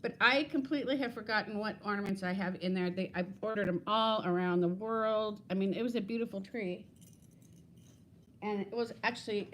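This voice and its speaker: A woman's voice: medium pitch, slight background noise. A woman in her fifties hosting a casual livestream from home on her phone, chatting in a rambling way, laughing often and greeting viewers by name. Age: 50s. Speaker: livestream host.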